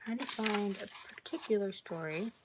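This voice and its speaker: A woman's voice: mid-range voice, moderate pace, heavy background noise. A woman casually reading her own horror story aloud, giggling and breaking off to comment on it.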